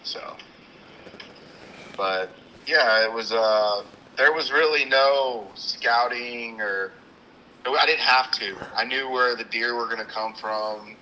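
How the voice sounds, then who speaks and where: A man, co-hosting a hunting show, telling an animated story with acted-out quotes and sounds. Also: mid-range voice, slow pace, a little hiss or hum, rough recording. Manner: animated, acts out the scene with quoted lines and sound imitations. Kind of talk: casual storytelling chat.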